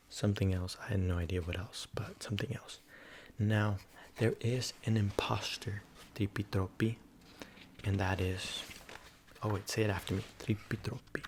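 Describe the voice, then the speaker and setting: A man in a whispered role-play, rambling softly with lots of fillers and coaxing the listener to repeat silly names after him. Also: lowish voice, vocal fry, slight background noise. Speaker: ASMR creator.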